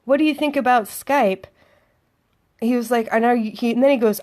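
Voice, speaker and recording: Woman, fairly high voice, chatty, sardonic, storytelling vlog. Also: fairly quick, darkish tone. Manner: chatty, sardonic, acts out dialogue. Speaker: vlogger. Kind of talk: casual storytelling monologue.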